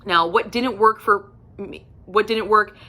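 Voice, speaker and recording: A woman casually reviewing books for her vlog, candid and chatty, swearing freely and filling pauses with ums. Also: mid-range voice, fairly even intonation, pushed and bright. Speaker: book reviewer.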